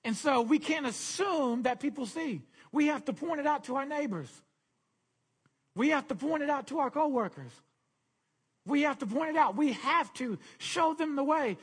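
A man's voice: extremely high pitch, fairly bright tone. A man preaching a sermon as pastor, earnest and repetitive, often restarting his phrases.

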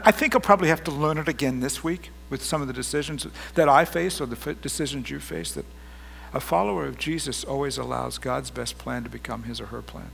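A man's voice: fairly high pitch, gravelly, a bit bright. A middle-aged man preaching a sermon as pastor, earnest and rising to emphatic bursts.

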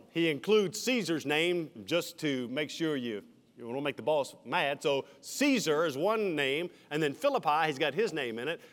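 A man, a senior pastor, preaching an expository sermon verse by verse, with friendly asides to the congregation. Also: fairly high pitch. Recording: reverberant church hall.

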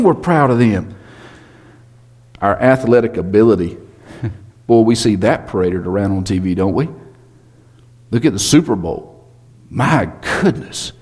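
A man's voice: fairly high pitch, darkish tone. A man preaching a sermon, teasing the congregation with rhetorical questions and jokes.

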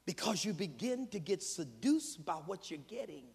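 A male preacher and dean, delivering a sermon that swings from quiet low passages to loud, soaring cries. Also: big pitch swings, a little slow, pauses often, slightly rough. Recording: long reverb of a large hall.

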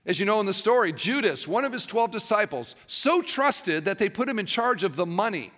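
A man's voice: high-pitched, very animated, fairly quick, fairly bright tone, in a large hall. A male pastor preaching a sermon, telling a story and asking rhetorical questions.

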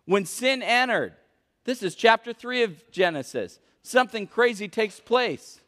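A man's voice: high voice, animated, a little slow, fairly bright tone. A young adult man preaching a sermon as a pastor, earnest and emphatic. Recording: echoey hall.

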